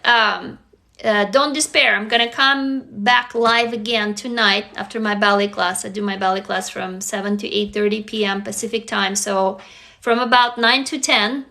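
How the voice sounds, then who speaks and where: On a casual live stream, this forty-something woman from Russia talks to viewers in an open, supportive way, cursing without restraint. Her Russian-accented voice is medium in pitch and comes across pushed and bright.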